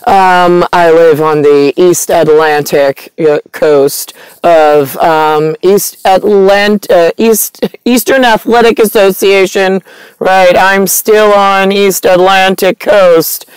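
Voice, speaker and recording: A woman's voice: lowish voice, fairly even intonation, takes it slowly, smooth, no room sound, poor audio. A woman talking to her viewers in a meandering, stream-of-consciousness monologue full of ums and restarts. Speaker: vlogger. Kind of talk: rambling monologue to camera.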